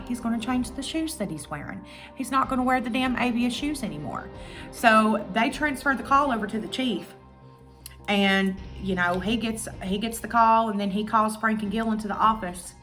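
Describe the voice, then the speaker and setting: A woman vlogger casually retelling a true-crime documentary, acting out quotes and swearing freely. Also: on the high side. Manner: chatty, animated retelling with acted-out quotes and swearing.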